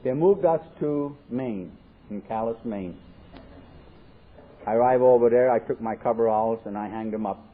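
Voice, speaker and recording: A man's voice: medium pitch, normal speed. A man speaking at a recovery convention, telling his life story with jokes and acting out the dialogue. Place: convention hall. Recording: tinny lo-fi 1979 tape, faint hiss.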